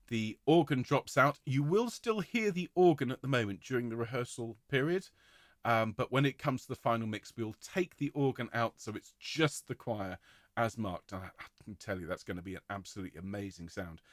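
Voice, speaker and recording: A man directing a choir rehearsal, giving clear, encouraging instructions and singing out rhythms to demonstrate them. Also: mid-range voice, moderate pace, no echo, studio quality.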